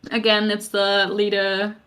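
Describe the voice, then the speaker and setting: A woman's voice: medium pitch, completely flat delivery, unhurried, fairly bright tone. A woman co-hosting a fan podcast in casual chat, thoughtful and a little hesitant. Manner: thoughtful, hesitant, with frequent restarts. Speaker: podcast co-host.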